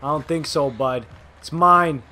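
Excitable young man trash-talking over gameplay. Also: a little high, measured pace. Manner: excitable, trash-talking, swings between muttering and yelling. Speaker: gaming video host. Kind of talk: live gameplay commentary.

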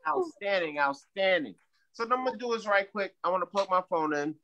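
A man's voice: sits high, animated, fairly quick, sharp tone, lo-fi sound, a little hiss or hum. A man hosting a bar comedy night, hyping up the last comic and repeating his praise. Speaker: comedy show host. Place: small bar stage.

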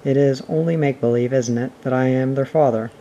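A man's voice: medium pitch, steady tone, brisk, mellow, muffled recording, slight background noise, natural voice. A man reading aloud, voicing a carefree boy pretending to be a father in a storybook. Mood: anxious puzzled. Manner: breezy, then anxious and puzzled. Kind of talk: audiobook reading.

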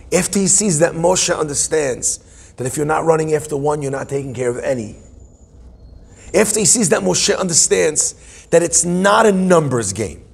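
A man's voice: on the high side, vocal fry, breathy edge. A man teaching a humorous Torah class in a playful, musing way, full of self-deprecating asides.

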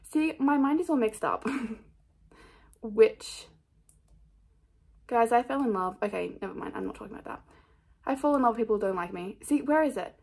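A woman's voice: fairly high pitch, expressive, normal speed, vocal fry, long pauses, a little mellow, breathy edge. A young woman chatting casually about her book picks in a rambling, scattered, self-mocking way, full of fillers. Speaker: book vlogger. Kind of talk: casual chat.

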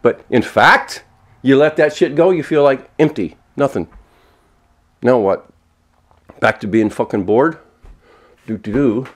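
A man in his seventies ranting alone at home, swearing a lot and swinging between angry outbursts and a soft, mock-gentle tone. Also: medium pitch, a little slow, pauses often. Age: 70s. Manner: frequent swearing and self-mocking laughs. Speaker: vlogger. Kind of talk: unscripted solo rant. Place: walking around indoors at home.

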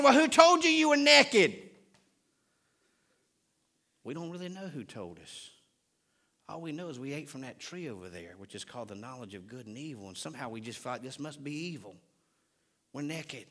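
A man preaching a sermon, repeating phrases and asking the congregation questions, swinging between loud exclamations and hushed low passages. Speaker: pastor.

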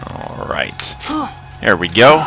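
A man's voice: low voice, very animated, slow pace, creaky. A young man casually commentating a video game, joking and talking to the enemies on screen. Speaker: gameplay commentator. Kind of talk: casual let's-play commentary. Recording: game music playing behind. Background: game music.

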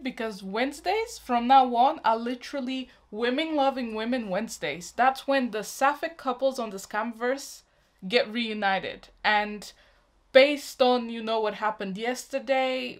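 A young woman hosting a reaction vlog, gushing and emotional as she talks to her viewers like friends. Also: fairly high pitch. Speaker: YouTube reaction host. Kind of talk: excited casual reaction vlog.

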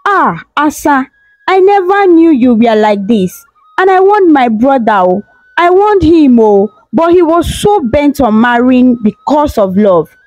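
A woman's voice: on the high side, big pitch swings, unhurried, a little mellow, no echo, lo-fi sound, soft background music. A woman voicing a lecherous, arrogant young prince who bullies and sneers, in a storybook telling. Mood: smug. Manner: smug, bullying.

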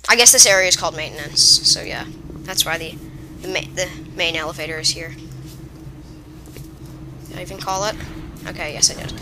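A woman giving chatty, excitable, rambling commentary while playing a video game. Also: mid-range voice, background noise. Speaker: let's play gamer. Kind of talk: casual gameplay commentary.

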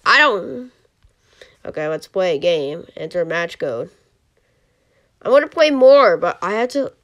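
A channel host giving rambling commentary on a mobile game, who yelps and groans at misses. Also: female voice, fairly low pitch, very animated, measured pace, a bit bright. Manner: rambling, restarts sentences.

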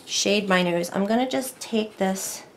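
A woman's voice: medium pitch, unhurried, a little hiss or hum. A woman teaching decorative painting in a casual tutorial, chatting and thinking aloud as she works at a close mic.

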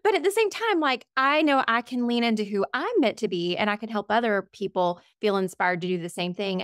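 A woman's voice: mid-range voice, no room sound, studio quality. Encouraging woman podcast host. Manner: warm encouraging, faith language. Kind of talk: interview talk.

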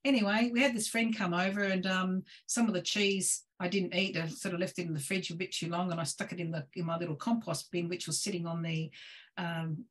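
A woman, a guest on a video call, telling lively stories about home cooking and cheese-making with laughs along the way. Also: fairly low pitch, fairly quick. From Australia. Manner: lively, laughing, gestures while cooking talk. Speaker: guest presenter. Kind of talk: animated storytelling on a video call.

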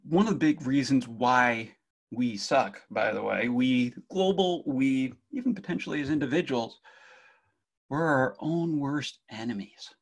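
A man's voice: mid-range voice, animated, unhurried, husky. A middle-aged man from New Jersey with a faint Jersey accent, giving a jokey conference talk on cybersecurity and speaking straight to the audience.

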